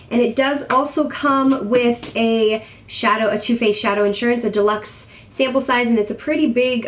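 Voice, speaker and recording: A young woman in her twenties reviewing makeup in a casual, rambling, self-deprecating chat at home. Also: fairly high pitch. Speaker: beauty vlogger.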